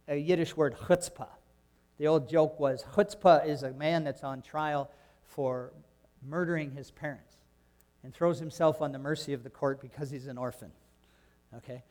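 Male pastor, raised in Canada, fairly high voice; emphatic sermon delivery, reverberant sanctuary. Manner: emphatic, swings between soft asides and loud exclamations.

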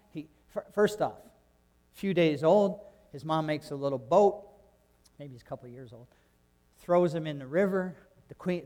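Canadian-raised pastor guy preaching, higher voice, loud then quiet, big echo hall. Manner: emphatic, swings between soft asides and loud exclamations. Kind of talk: sermon.

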